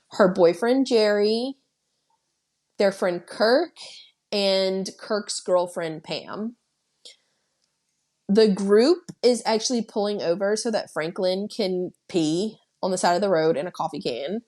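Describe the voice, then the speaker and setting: A woman's voice: medium pitch, a little mellow. A woman walks through a film's story scene by scene, taking her time over each beat. She talks casually and bluntly, dropping swear words as she goes. Her voice sits in an ordinary middle range. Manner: blunt and profane, with laughter. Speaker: podcast host. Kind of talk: casual plot recap.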